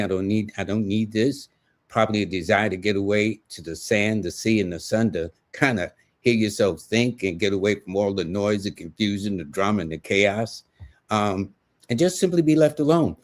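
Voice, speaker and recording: A man with a New York accent giving live numerology readings in a folksy, conversational way, speaking to viewers by name. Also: lowish voice. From United States. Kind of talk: casual livestream reading.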